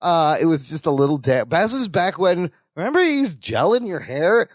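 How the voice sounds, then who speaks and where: A man's voice: fairly high pitch, normal speed, dry recording, clean studio sound. A man co-hosting a podcast, casually recapping a sitcom episode and acting out the characters' lines. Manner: animated, acts out lines in character voices. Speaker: podcast co-host.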